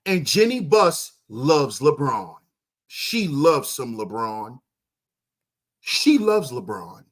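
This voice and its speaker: A man hosting a livestream, ranting loudly and crudely at his chat, firing off rhetorical questions and answering them himself. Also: mid-range voice, sing-song, takes it slowly. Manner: loud, confrontational, profane, often shouting. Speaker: livestream host. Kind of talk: ranting commentary to live chat.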